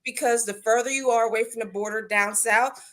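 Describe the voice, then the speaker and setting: A middle-aged woman guest in a casual live chat, telling stories in an animated, playful way. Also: a little high, fairly quick.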